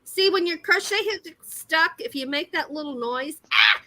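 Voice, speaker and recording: A woman's voice: very high-pitched, moderate pace, bright, forceful tone, no echo, poor audio. A woman, hosting a casual livestream chat while crocheting, giggly and self-deprecating. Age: 50s. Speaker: livestream host.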